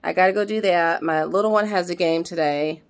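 A woman's voice: fairly low pitch, fairly quick. A middle-aged woman chatting to camera at home in a rambling way, slightly out of breath. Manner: rambling, chatty, lots of fillers and restarts. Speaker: vlogger. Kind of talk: casual chat to camera. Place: at home, indoors.

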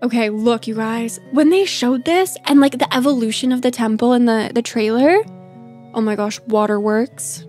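A woman's voice: on the high side, moderate pace, a little mellow. A woman streaming a game in casual commentary, bubbly and gushing, laughing often. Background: faint game music.

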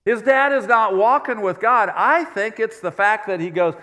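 A man preaching from the pulpit with a somewhat raised pitch, moving easily between scripture and conversational, self-deprecating stories. His voice rings out with the long reverb of a large church sanctuary. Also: animated, normal speed, pushed and bright. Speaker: pastor. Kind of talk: sermon.

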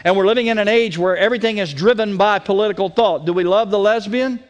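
On a muffled recording, this high-pitched preacher talks fast. He hammers key words through repetition and keeps restarting with a string of "and, and" in his sermon.

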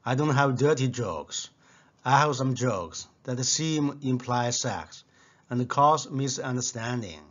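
A man whose first language is Chinese, reading short jokes aloud in a deadpan way. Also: medium pitch, takes it slowly, muffled recording. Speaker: joke teller. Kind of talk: scripted joke telling.

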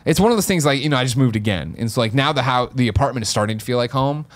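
A man's voice: mid-range voice, racing. A man from the American Midwest hosting a casual chat, telling a long story with swearing and acted-out voices. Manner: animated, swearing, acts out quotes in funny voices. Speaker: podcast host.

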